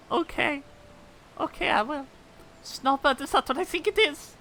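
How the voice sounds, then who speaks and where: A woman's voice: high-pitched, moderate pace, fairly bright tone. A young woman streaming a game, chatting in a playful way with swearing and laughter. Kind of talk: casual live gameplay chat.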